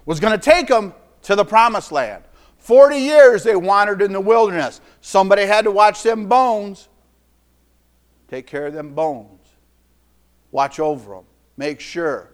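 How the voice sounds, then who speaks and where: A middle-aged man preaching a sermon in a folksy, emphatic way, repeating phrases and swinging between loud declarations and quiet asides. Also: on the high side, normal speed.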